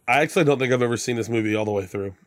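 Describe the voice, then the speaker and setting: A man's voice: mid-range voice, rapid-fire, no room sound, studio quality. A man co-hosting a podcast in casual chat, telling stories with lots of fillers. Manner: chatty storytelling with many fillers. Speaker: podcast co-host.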